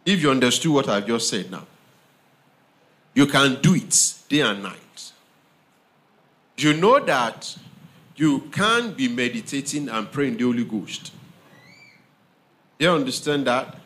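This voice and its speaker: Man, preacher, sermon, slow deliberate delivery, lively rising and falling pitch, repeats phrases. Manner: asks the audience "do you understand" often.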